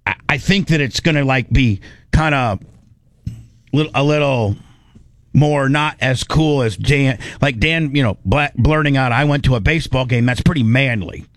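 A man's voice: mid-range voice, fairly bright tone, no echo, clean studio sound. Rambling man, radio host. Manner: rambling, halting restarts. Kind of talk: casual studio banter.

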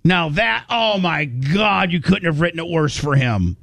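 A man's voice: fairly high pitch, lively intonation, unhurried, vocal fry, a bit bright, no room sound. Rambling man in dry casual chat. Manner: rambling, restarts, emphatic. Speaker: podcast co-host.

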